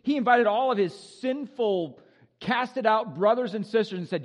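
A male pastor preaching an animated, joking sermon with exuberant energy. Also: high-pitched, fairly quick, big-room sound.

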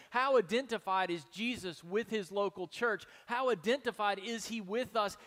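A male pastor preaching a sermon with emphasis, many rhetorical questions and swings between soft and loud delivery. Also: high voice, big-room sound.

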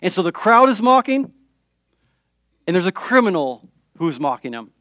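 A man, a pastor with young children at home, preaching a dramatic sermon that moves between hushed and raised passages. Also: sits high, big pitch swings, moderate pace, no room sound, clean studio sound.

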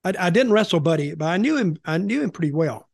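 A man's voice: high voice, animated, quick pace, creaky, breathy edge, no echo, clean studio sound. An older man co-hosting a podcast, telling stories in casual chat and repeating words as he goes. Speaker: podcast co-host, former wrestling commentator.

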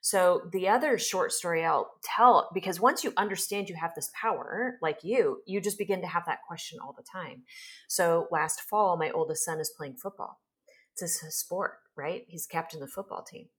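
Woman in her 40s, lowish voice, podcast guest; animated storyteller. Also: moderate pace. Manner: animated storyteller, acts out quoted speech. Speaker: guest, healer and trauma specialist.

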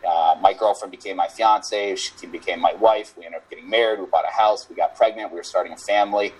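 A man's voice: low voice, steady tone, fairly quick, low-quality recording. Reflective male coach in his thirties. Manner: reflective, rambling, many "you know" fillers. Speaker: strength coach, guest. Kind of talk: casual interview chat.

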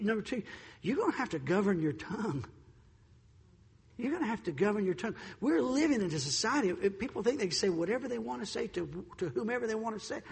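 Pastor, high husky voice, animated storytelling sermon, long hall echo. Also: male voice. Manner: animated storyteller, acts out voices, swings loud and soft. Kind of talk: sermon with personal stories.

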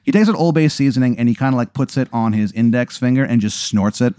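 A man co-hosting a comedy podcast, telling an improvised story in a deadpan way. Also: mid-range voice, fast, clear, resonant tone, no room sound, clean studio sound. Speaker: podcast co-host.

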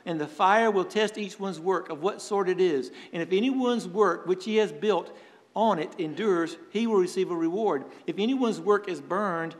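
A man preaching with a high, ringing voice that carries through a hall with a long reverb tail. He speaks earnestly, tells stories to make his point, and lets dramatic pauses hang. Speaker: pastor. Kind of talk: sermon.

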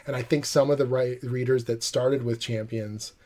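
Male comic writer, husky voice, animated interview storyteller. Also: medium pitch, normal speed. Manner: lively storyteller acting out quoted dialogue. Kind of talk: animated anecdote in a podcast interview.

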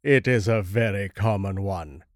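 A man voicing a bitter, reclusive older male scholar in a horror story reading, with a measured, grave and formal delivery. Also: on the low side, no room sound, clean studio sound, close to an everyday voice.

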